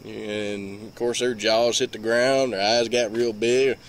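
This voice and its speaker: A man's voice: on the low side, level tone, takes it slowly. A man with a Mississippi Southern accent telling a long story in a rambling, folksy way with lots of fillers. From Mississippi, USA. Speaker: vlogger. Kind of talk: casual storytelling.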